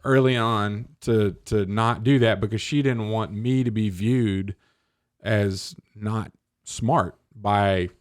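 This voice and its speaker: A man with a Southern accent, a podcast co-host telling lively stories in casual chat, often laughing. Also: fairly low pitch, slow pace, smooth. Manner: animated storyteller, acts out quotes, laughs often.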